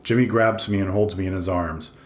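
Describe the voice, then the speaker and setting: A man's voice: low-pitched, fairly even intonation, fairly quick. A man reading a first-person audiobook in a dry, introspective way. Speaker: audiobook narrator. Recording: echoey room.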